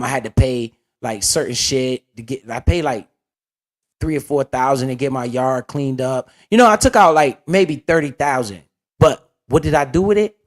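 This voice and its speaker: A young man with a somewhat high voice tells a casual story, heavy with slang and swearing. He talks in an animated, streetwise way, like a host chatting straight to his viewers. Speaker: finance video host.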